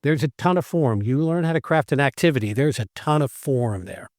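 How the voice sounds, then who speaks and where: Male acting-teacher co-host, conversational and animated, acts out quoted lines; mid voice, dead-dry recording. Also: medium pitch, a little fast, no room sound. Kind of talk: casual conversation.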